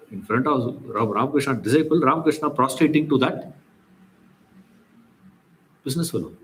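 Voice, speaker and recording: A man's voice: medium pitch, a bit bright, slight background noise, rough recording. A man teaching a scripture class, telling stories in a conversational way with many rhetorical questions. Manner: conversational storytelling with frequent "you know" and rhetorical questions. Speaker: Vedanta teacher.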